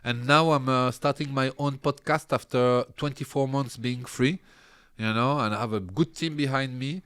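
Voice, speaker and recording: Animated man telling stories. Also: mid-range voice, moderate pace, clear, resonant tone. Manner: animated, laughs often, drops into character voices. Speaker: podcast guest. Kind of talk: casual storytelling.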